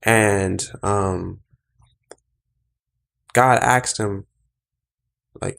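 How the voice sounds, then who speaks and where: A man's voice: medium pitch, moderate pace, gravelly. A man hosting a podcast, talking in an earnest, reflective way that speeds up when he gets stirred. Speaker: podcast host. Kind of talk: casual conversation.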